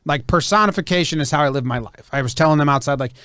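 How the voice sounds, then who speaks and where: A man's voice: on the high side, fast talker, a bit bright, no room sound. A man hosting a casual podcast, talking loosely and hedging with lots of "like". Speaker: podcast host. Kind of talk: casual chat.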